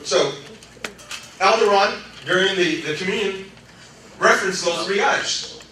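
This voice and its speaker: A man preaching a sermon as pastor, animated and laughing often, swinging between loud exclamations and quiet storytelling. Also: sits high, a little slow, slight background noise. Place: church sanctuary. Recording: echoey church hall, mic from far off, congregation responding. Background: congregation calling out responses.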